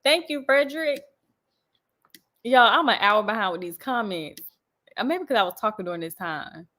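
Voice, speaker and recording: A woman's voice: mid-range voice, expressive, moderate pace, a bit bright. A young woman hosting a casual livestream, reading viewer comments and chatting with frequent laughs. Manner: chatty and laughing often, talking straight to viewers. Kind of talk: casual chat.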